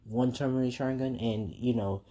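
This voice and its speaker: A man improvises a fan-made story in a loose, casual way, stacking up fillers as he goes. His voice is mellow and mid-pitched. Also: steady tone, normal speed. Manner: rambling, filler-heavy.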